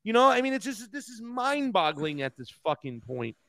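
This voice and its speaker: A man's voice: sits high, big pitch swings, moderate pace, fairly bright tone, dry recording. A man co-hosting a casual political talk show, ranting heatedly with lots of profanity. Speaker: co-host.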